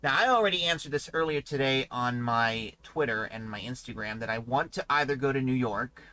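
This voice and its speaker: A man's voice: medium pitch, a little fast, bright, forceful tone, dry recording, low-quality recording. A man hosting a casual livestream podcast, talking in a rambling, chatty way. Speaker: podcast host.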